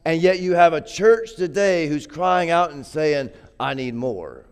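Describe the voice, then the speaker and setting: A man who grew up poor preaches a conversational sermon in a slightly high, clean voice at a measured pace. He often repeats words and builds to emphatic peaks.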